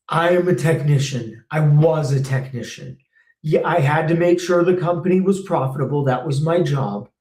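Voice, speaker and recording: A man's voice: fairly high pitch, a little mellow. Man, thirties, former technician, blunt, fired up, cursing, roomy echo. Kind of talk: live Q&A rant.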